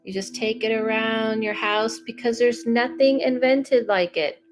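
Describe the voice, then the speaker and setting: A woman's voice: a little high, measured pace, over music. A young adult woman doing a live psychic reading, chatting casually and animatedly, often breaking off mid-sentence. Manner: chatty and animated, self-interrupting. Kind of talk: casual livestream chat.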